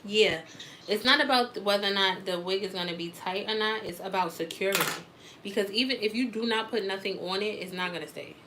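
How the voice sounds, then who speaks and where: A woman's voice: mid-range voice, a little fast, background noise. A woman teaching a live wig-making class, explaining steps in a casual, chatty way.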